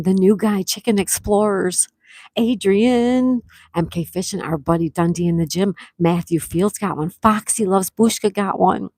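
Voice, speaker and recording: A woman hosting a live stream, reading chat comments and excitedly thanking viewers, with frequent gasps. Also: medium pitch, no echo, clean studio sound. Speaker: livestream host.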